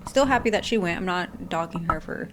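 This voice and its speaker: A woman's voice: lowish voice, lively intonation, brisk, slight background noise. A woman hosting a reaction channel, giving blunt, candid commentary and swearing offhand.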